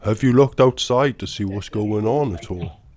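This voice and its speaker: A man making prank phone calls, speaking in a calm, mock-concerned way and repeating the same questions to needle the person on the line. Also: lowish voice, normal speed. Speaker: prank caller.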